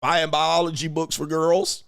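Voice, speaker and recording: Male host, AAVE, mocking trash talk, slightly high voice, dry sound. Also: flat delivery, a little slow, vocal fry, fairly bright tone, clear, resonant tone, dry recording. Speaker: show host. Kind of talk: casual commentary monologue.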